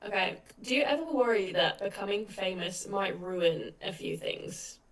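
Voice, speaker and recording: A woman's voice: medium pitch, animated, moderate pace. A woman asking questions in a casual interview, playful and upbeat. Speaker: interviewer, fan club member. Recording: distant mic, faint noise.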